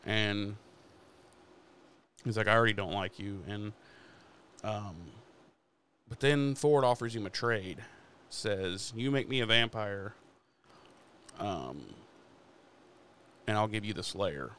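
A man casually retelling a TV episode for a podcast, swearing often and slipping into quick quoted lines. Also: lowish voice, a bit bright, smooth. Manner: swears freely while retelling episode scenes. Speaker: podcast host. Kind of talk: casual recap chat.

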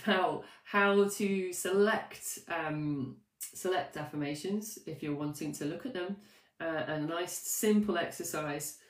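Woman coach, lowish voice, off-mic in an echoey room; rambling, animated, self-deprecating live talk. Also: distant mic. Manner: chatty and animated, with many fillers, restarts and self-mocking asides. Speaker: life coach. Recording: roomy echo, voice set back from the mic.

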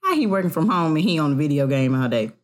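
Animated woman telling family stories. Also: sits low, quick pace. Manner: animated storyteller, acts out family voices. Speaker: podcast co-host. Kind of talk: casual chat.

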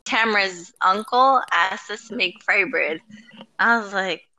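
A woman's voice: medium pitch, unhurried, pushed and bright, poor audio. A woman co-hosting a podcast, telling easygoing anecdotes with laughter. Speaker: podcast co-host. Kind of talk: casual chat.

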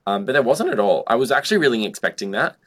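Very animated and fast, this young man has a medium-pitched voice that is husky yet a bit bright. A drag performer, he tells loose, chatty stories in an interview, saying "like" a lot and swearing freely.

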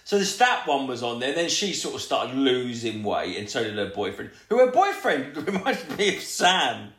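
A man's voice: mid-range voice, very animated, moderate pace, a bit bright, roomy sound. A man telling a crude, rambling story in casual podcast chat. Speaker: podcast co-host.

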